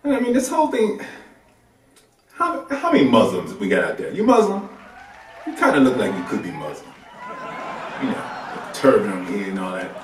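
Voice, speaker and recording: A man performs stand-up on a club stage, his lowish voice moving at a normal speed with long pauses. His delivery is loose, colloquial and conversational, with lively swings. A distant mic gives a roomy club sound, with some chatter behind him and slight background noise.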